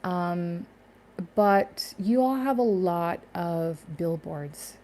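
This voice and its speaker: A Canadian spiritual YouTuber speaks very slowly in a fairly low, slightly mellow voice. Talking casually in her vlog, she rambles with many fillers and laughs to herself.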